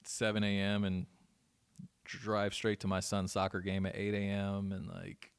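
A man's voice: fairly low pitch, completely flat delivery, measured pace, creaky, smooth. A man in his thirties, a guest DJ chatting casually on a podcast, laid-back and swearing, with lots of restarts.

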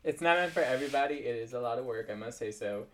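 Guy cohosting a chill podcast, laid back and measured, gets softer at the ends. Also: medium pitch. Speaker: podcast co-host. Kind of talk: casual chat.

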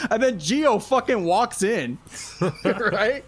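Man, slightly higher voice, casual storytelling, lots of swearing, laughs through his words. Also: takes it slowly. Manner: animated, laughing, heavy swearing, acts out quotes.

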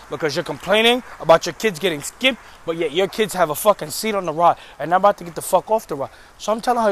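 A man's voice: fairly high pitch, quick pace, a bit bright. A man ranting profanely about his job to viewers while walking a city street at night. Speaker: vlogger. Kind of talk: casual storytelling vlog. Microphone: handheld phone.

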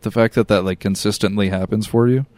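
A man's voice: on the low side, fairly even intonation, fairly quick, darkish tone, no room sound. A man co-hosting a podcast in casual chat, telling stories loosely with lots of filler words and laughter. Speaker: podcast co-host.

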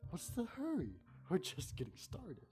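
A man's voice: high-pitched, huge pitch swings, a little slow, dark tone, faint music behind, voice pushed up, exaggerated voice. A man voicing a cruel, vengeful hooded monster man who speaks with a sneering, threatening manner. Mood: menacing.

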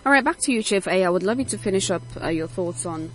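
A woman hosting a radio talk show in the studio, brisk as she steers the conversation. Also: mid-range voice, lively intonation, faint music behind. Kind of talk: radio presenting.

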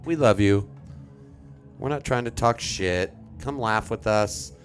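A man's voice: on the low side, slow pace, soft background music. A man co-hosting a live radio podcast, ranting with passion and plenty of swearing. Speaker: podcast co-host. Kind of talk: casual radio chat.

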